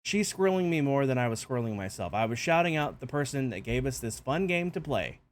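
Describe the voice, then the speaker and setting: Animated man hosting a game-show stream. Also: mid-range voice, fast. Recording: stream with music playing behind. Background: background music.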